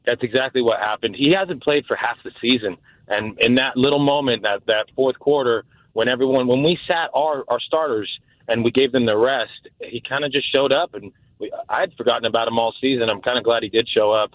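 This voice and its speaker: A man's voice: medium pitch, fairly quick, no echo. A man calling in to a sports radio show, earnest and a bit rambling. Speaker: caller. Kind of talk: call-in radio chat. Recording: tinny phone line.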